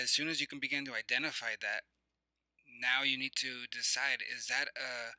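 A motivational coach with a medium-pitched, pushed and bright voice leads a teaching talk, walking listeners through reflective questions and breathing cues. He's conversational and repetitive, full of fillers and restarts, on poor audio with no echo.

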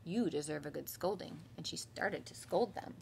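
A woman in her thirties, a kindergarten teacher, reading a picture book aloud to children with lively voiced storytelling, then leading a home class. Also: lowish voice, normal speed, vocal fry, a little hiss or hum.

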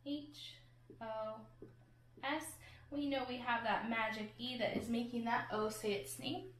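A woman's voice: a little high, fairly even intonation, normal speed. A woman teacher giving a patient phonics lesson to children, sounding out words and letters one at a time. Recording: echoey room.

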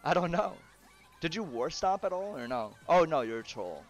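A man's voice: fairly high pitch, sing-song, moderate pace. A man streaming a game live, swearing, groaning in frustration and laughing between outbursts. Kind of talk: live gaming stream chatter.

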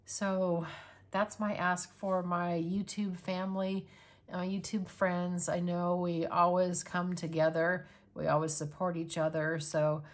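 A woman's voice: on the low side, level tone, a little slow. Woman, craft vlog host, casual rambling chatter, informal. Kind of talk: casual unboxing vlog chat.

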